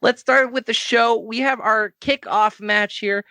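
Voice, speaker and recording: A man's voice: very high voice, fairly even intonation, unhurried, pushed and bright, no room sound. A man from Canada hosting a podcast, chatting casually about wrestling, laughing often and rambling into asides. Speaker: podcast host. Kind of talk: casual wrestling review chat.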